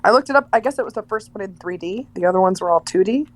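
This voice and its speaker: A woman's voice: mid-range voice, lively intonation, very fast. A woman co-hosting a podcast in casual chat, with dry, sarcastic humor. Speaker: podcast co-host.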